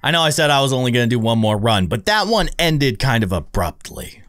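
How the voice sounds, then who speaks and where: A man in his thirties hosting a let's-play at home, excitably gasping and laughing as he comments on a scary game. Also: mid-range voice, fairly quick, faint music behind. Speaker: gaming video host. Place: home with his young son nearby.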